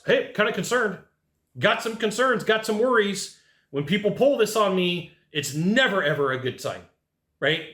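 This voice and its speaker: A man giving an energetic sales training talk, punchy and animated, acting out little exchanges with customers. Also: a little high. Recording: echoey room.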